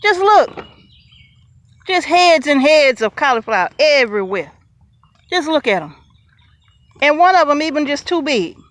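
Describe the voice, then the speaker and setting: A woman giving a chatty, excited tour of her outdoor vegetable garden, talking straight to her viewers and laughing easily. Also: sits high, unhurried, long pauses. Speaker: homesteader showing her garden. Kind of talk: casual garden tour vlog.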